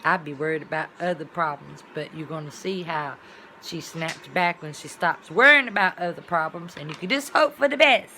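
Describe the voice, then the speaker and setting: A woman's voice: low voice, moderate pace, pushed and bright, slight background noise. A woman vlogger talking in a casual, rambling monologue, with colloquial, folksy phrasing and sound-effect words.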